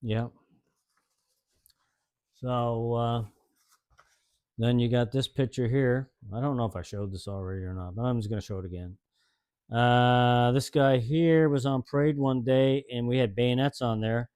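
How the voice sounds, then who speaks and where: A man's voice: medium pitch, steady tone, unhurried, pauses often, a little mellow, clear, resonant tone. A man in his sixties casually telling old stories in a folksy, rambling way, chuckling often. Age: 60s. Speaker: host telling service stories. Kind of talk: casual storytelling.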